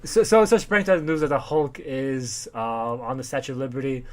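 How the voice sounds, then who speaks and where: A man's voice: mid-range voice, moderate pace, a little mellow. A man casually retelling a comic plot on a podcast, often jumping into silly character voices and swearing. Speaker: podcast co-host recapping comics. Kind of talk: casual chat.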